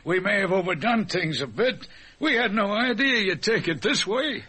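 A jovial, fatherly boss in a vintage radio drama. His voice sits high and bright with a husky edge, and he chuckles through his lines. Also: animated, moderate pace, heavily acted. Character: jovial male company boss, hearty and chuckling. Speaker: boss at an office. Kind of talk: 1950s radio drama acting.

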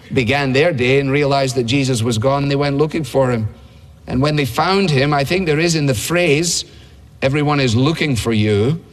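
A man preaching a sermon in a conversational way, asking rhetorical questions. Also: mid-range voice. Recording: long hall reverb.

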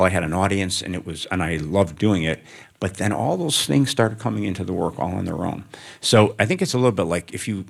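An older man from the American Midwest, a writer speaking onstage before an audience, reflective and gently humorous as he tells stories. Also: low voice, vocal fry. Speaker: author guest.

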